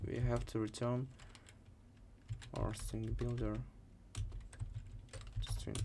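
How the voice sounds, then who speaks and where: A young man with a Russian accent walks through his code step by step at a slow, easy pace. He slips in dry jokes between lines while keys clatter softly under a faint background hiss. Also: mid-range voice. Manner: dry, joking asides while typing. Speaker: programming tutor. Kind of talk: live coding tutorial. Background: keyboard typing.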